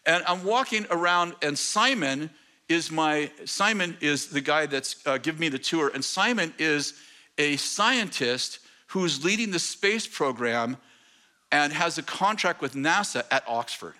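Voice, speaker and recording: A man preaching a sermon, telling a personal story in an animated, self-deprecating way with many halting restarts. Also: on the high side. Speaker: pastor.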